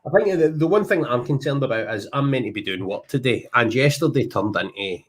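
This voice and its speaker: A Scottish man in his thirties hosting a casual podcast chat, animated and self-deprecating as he tells stories. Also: mid-range voice, fairly quick, breathy edge. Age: 30s. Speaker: podcast host.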